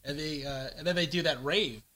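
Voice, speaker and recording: A man's voice: a little high, a little fast, a crowd in the background, low-quality recording. A man co-hosting a casual podcast chat, talking animatedly and throwing in movie quotes with gusto. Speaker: podcast co-host.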